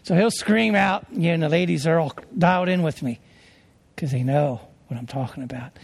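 A man's voice: a little high, fairly quick, gravelly. A man preaching a sermon as a traveling preacher, earnest and emphatic as he tells stories.

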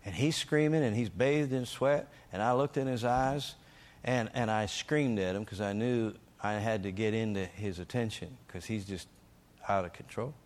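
A man with a fairly low-pitched voice delivers a sermon testimony. He tells the story with energy and emphasis. He acts out the lines he shouted. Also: normal speed. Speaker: preacher.

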